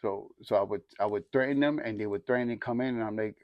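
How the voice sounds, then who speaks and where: Quick-paced and on the low side, a young church group member gives his testimony about his life in loose, slangy talk that wanders and restarts. There's no echo, and the highs are cut off.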